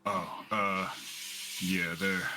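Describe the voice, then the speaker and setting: A man playing in a tabletop game, describing his character's actions in a relaxed, easygoing way. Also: low voice, very slow, very noisy. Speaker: player. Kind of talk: casual tabletop play.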